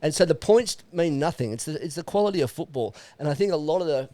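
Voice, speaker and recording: A man's voice: a little high, fast talker, no room sound. A middle-aged Australian man, a podcast guest, talking bluntly and with plenty of swearing in casual chat. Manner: blunt, animated, swears freely.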